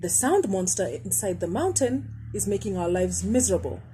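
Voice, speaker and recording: A woman's voice: medium pitch, animated, moderate pace, mellow, a little hiss or hum, lightly acted. A woman voicing a worried island villager in a storybook read-aloud. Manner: explaining gloomily.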